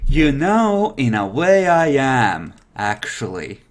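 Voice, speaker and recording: A man voicing a calm, knowing male vampire elder who speaks smoothly and slowly, faintly amused. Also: medium pitch.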